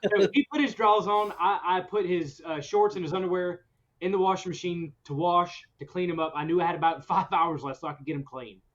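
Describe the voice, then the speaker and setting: A man with a notably high voice spins a story for his podcast co-hosts, animated and breaking into laughs along the way. The recording is muffled and lo-fi. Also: fairly quick. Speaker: podcast host. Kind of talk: casual storytelling chat. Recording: dull lo-fi recording.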